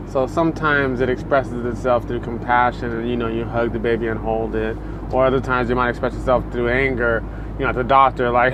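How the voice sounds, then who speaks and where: Casting: male preacher, mid-pitched voice, easygoing devotional talk, chatty and full of fillers, faint hum behind. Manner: conversational and loose, many fillers like "you know" and "like".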